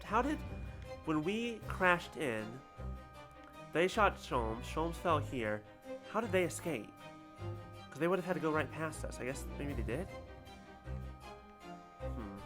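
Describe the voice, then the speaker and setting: Male streamer, casual wry commentary, lively pitch, game music under. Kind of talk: casual let's-play commentary.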